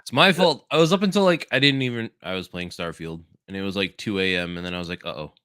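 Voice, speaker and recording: A man's voice: low-pitched, fast talker, fairly bright tone, clean tone, no room sound, studio quality. A man who just woke up, chatting casually as co-host in an easygoing way. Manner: sleepy, easygoing. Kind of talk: casual chat.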